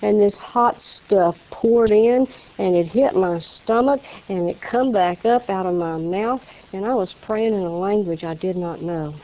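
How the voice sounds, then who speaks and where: A woman's voice: mid-range voice, measured pace. A woman giving a personal faith testimony in a folksy storytelling way, acting out the people in her story. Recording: slightly dull lo-fi recording.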